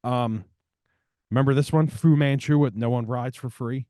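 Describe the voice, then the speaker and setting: A man's voice: mid-range voice, steady tone, moderate pace, warm tone, no room sound, studio quality. A middle-aged man co-hosting a casual podcast, swearing freely and gushing about records. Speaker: podcast co-host. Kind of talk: casual chat.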